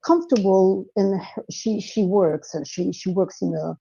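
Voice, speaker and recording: A young woman from France with a French accent, chatting as a guest and often pausing with fillers. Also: mid-range voice, creaky, mellow, husky, dull audio. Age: young adult. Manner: hesitant, full of fillers. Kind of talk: casual chat.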